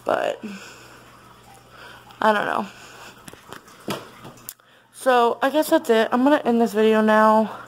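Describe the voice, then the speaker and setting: A woman chatting casually to her vlog audience at home, rambling with many fillers and restarts and gushing when excited. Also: a little high, slow pace, long pauses, slight background noise, low-quality recording. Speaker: vlogger. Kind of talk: casual vlog chat to camera.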